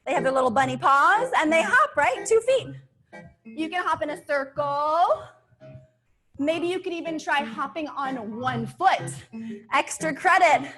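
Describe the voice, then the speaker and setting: Woman, dance teacher, high voice, slow and clear, coaxing, music playing underneath. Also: expressive, fairly bright tone. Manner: upbeat, coaxing, breaks into sung cues. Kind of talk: online kids' dance class instruction. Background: backing music.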